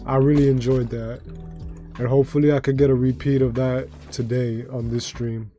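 A man with a slightly raspy voice, chatting casually with his viewers while streaming a game, rambling with lots of fillers and restarts. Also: mid-range voice, flat delivery, normal speed, mellow. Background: faint background music.

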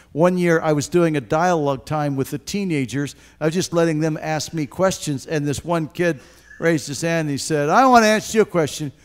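A man in his sixties preaching a sermon as pastor, earnest and emphatic, speaking straight to his listeners and swinging from hushed to loud. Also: on the high side, clear, resonant tone. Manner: addresses listeners directly.

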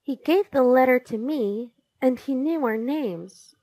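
A woman's voice: high voice, measured pace, warm tone, no room sound, voice pushed up. A woman voicing an anxious, whiny boy in a children's story.

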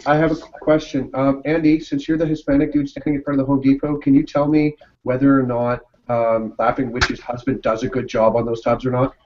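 A man's voice: medium pitch, little pitch movement, fairly quick, few pauses, a little hiss or hum. A man teasing others in a joking online group chat, heard over a muffled call. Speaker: participant.

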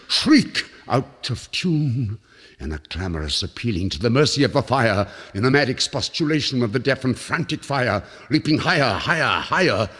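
A man giving a dramatic poetry recitation, theatrical, swinging between loud cries and hushed low passages. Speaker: reader of poetry. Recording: old record with long reverb.

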